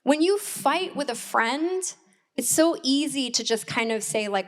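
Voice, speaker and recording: A woman in her forties, an assistant pastor preaching a sermon in a church hall, candid and personal, with reflective pauses. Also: sits high.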